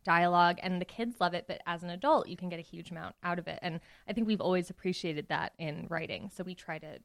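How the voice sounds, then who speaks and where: A woman, a comedy duo member, talking in a casual podcast interview, lively and quick to laugh. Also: fairly low pitch, gravelly, no echo, studio quality.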